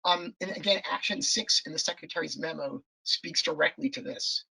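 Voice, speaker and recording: A man's voice: a little high, normal speed, vocal fry, bright, forceful tone, breathy edge, rough recording. A man losing his voice, presenting a policy report on a webinar over a video call, hesitant with many ums and restarts.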